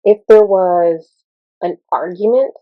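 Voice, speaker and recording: A woman in casual spiritual teaching talk, chatty and quick to laugh, with many fillers. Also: fairly low pitch, no room sound, muffled recording.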